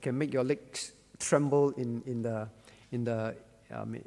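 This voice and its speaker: A man's voice: medium pitch, fairly even intonation, a little slow, gravelly, dark tone, big-room sound. A male pastor leading an interactive Bible study, asking questions, calling on listeners by name and repeating key words.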